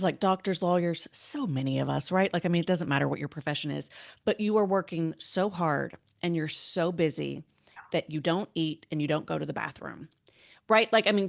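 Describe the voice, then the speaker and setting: A woman's voice: sits low, vocal fry. A woman hosting an interview podcast, chatty and enthusiastic, often saying "like" and "right". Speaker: podcast host. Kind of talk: casual interview chat.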